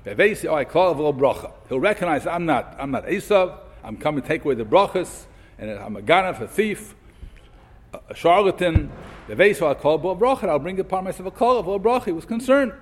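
A man gives a Torah lesson in a lively, rising and falling voice with a husky edge. He reads Hebrew sources aloud and then explains them in English, asking question after question. The sound carries a long echo, like a big hall. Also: fairly high pitch, a little fast. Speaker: Torah teacher. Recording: echoey hall.

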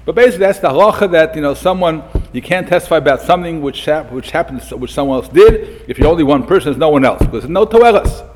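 A man giving a Torah lecture to students as a yeshiva rabbi, animated and acting out the quoted speakers, mixing in Hebrew and Yiddish terms. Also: on the high side, fast talker, long reverb tail.

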